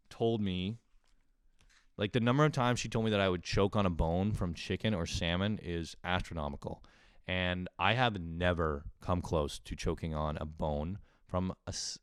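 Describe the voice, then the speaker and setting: A man doing a casual, profane comic monologue at home, intense and quick to act out little voices. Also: low voice, smooth, no echo, clean studio sound. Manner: intense, swearing, acts out voices. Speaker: comedian doing a solo rant. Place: home room, early morning.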